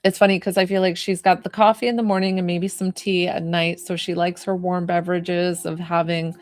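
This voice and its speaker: A woman's voice: lowish voice, little pitch movement, fairly quick. A woman giving a spiritual medium reading in an effusive, emotional way with many fillers.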